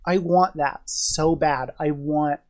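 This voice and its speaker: A woman's voice: low-pitched, steady tone, slow, darkish tone. A woman streamer with a cold, chatting casually on a livestream, joking and swearing as she rambles. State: sick with a cold.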